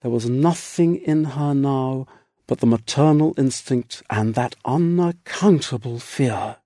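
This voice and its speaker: Male audiobook narrator: unhurried, measured literary read, mellow tone, dry booth sound. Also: medium pitch, dry recording. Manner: measured, deliberate literary reading. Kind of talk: scripted narration.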